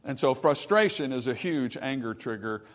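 A man's voice: mid-range voice, lively intonation, normal speed. A male pastor preaching a sermon in an earnest, conversational way, with emphatic bursts, scripture readings and calls of "Amen?" to the congregation. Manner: reads scripture aloud and asks the congregation to finish verses.

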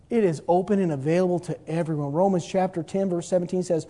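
With a high, mellow voice, fast and with few pauses, a preacher gives an impassioned sermon at fairly even intonation, though his intensity rises and falls. He reads scripture aloud in archaic King James phrasing.

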